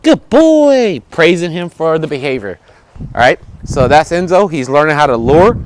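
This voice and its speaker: Male dog trainer, higher-pitched, instructional; plain step-by-step explanation with short commands to the dog, outdoors. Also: normal speed, a little hiss or hum. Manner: explains step by step, tags lines with "right?" and "okay?".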